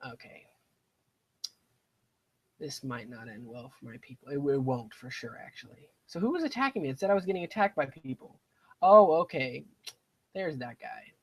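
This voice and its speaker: A man's voice: mid-range voice, normal speed, long pauses, slightly rough, poor audio. A young man streaming a strategy game, chatting casually and drifting into side stories while talking to himself about his moves. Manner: rambling, digressive, talks to himself about the game. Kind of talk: casual gameplay commentary.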